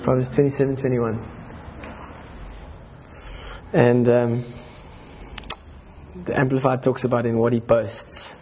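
A man's voice: medium pitch, flat delivery, normal speed, dark tone, a little hiss or hum. A man giving an informal, enthusiastic talk at a church gathering. He rambles, restarts his sentences and laughs between them.

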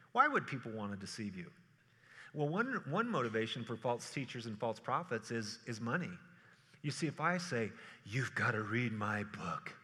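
A man preaching a sermon, telling stories with animated energy and acting out quotes in playful voices. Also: mid-range voice. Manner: animated storytelling, acts out quotes in funny voices. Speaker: pastor. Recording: reverberant hall.

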